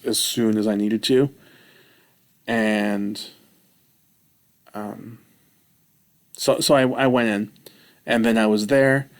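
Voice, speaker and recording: A man vlogging, telling a rambling personal story with self-mocking, animated retelling. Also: fairly low pitch.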